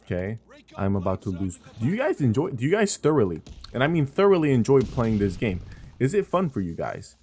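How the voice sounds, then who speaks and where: Man streamer, mid-pitched voice that jumps all over, frustrated play-by-play full of cursing. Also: very animated, fairly quick, a little mellow. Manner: exasperated, swearing trash talk at opponents and teammates; talks to viewers directly with rhetorical questions. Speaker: gaming streamer. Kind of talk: live gameplay commentary.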